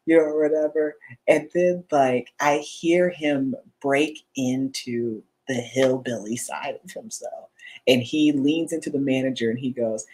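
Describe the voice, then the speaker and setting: A woman's voice: rumbling low, a little slow, low-quality recording. A woman, a guest writer, telling a funny story in a panel chat and laughing as she goes. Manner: lively, laughing retelling.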